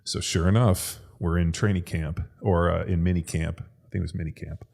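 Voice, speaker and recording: A man with a very low voice tells a story in casual podcast chat. He swears constantly and talks in an animated way. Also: moderate pace, creaky. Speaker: podcast co-host, former NFL lineman.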